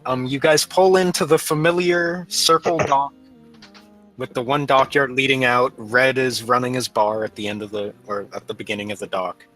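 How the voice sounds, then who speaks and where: A man narrating a tabletop game as game master, playful and quick to laugh. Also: medium pitch, fairly even intonation, bright, forceful tone, soft background music, poor audio.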